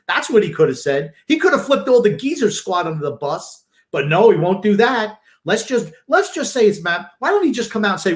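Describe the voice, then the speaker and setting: A man co-hosting a sports podcast, gruff and sarcastic in casual chat. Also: high-pitched, big pitch swings, a little fast, hardly any pauses, reverberant. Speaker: podcast co-host.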